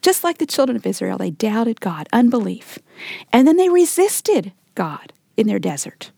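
A woman's voice: fairly high pitch, big pitch swings, normal speed, vocal fry, darkish tone, no room sound, clean studio sound. A middle-aged woman giving a sermon as a Bible teacher, acting out quoted complaints in a raised voice and dropping to a whisper for emphasis.

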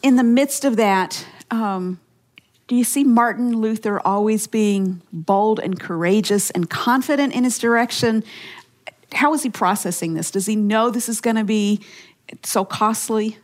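A woman hosting an interview, asking curious, measured questions. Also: on the high side. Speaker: interviewer host.

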